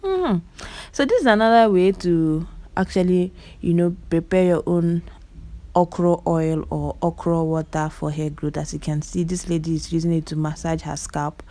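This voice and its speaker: A woman's voice: on the low side, fairly even intonation, normal speed, mellow. A woman with a Nigerian Igbo accent giving chatty voice-over commentary on clips, exclaiming often and talking straight to her viewers. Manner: repeats words for emphasis. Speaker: vlogger.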